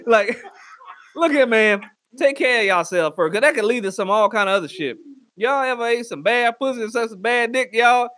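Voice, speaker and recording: A man's voice: very high-pitched, brisk, sharp tone, no echo. A man on a crude comedic rant, bluntly giving mock advice to his listeners. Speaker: comedic ranter.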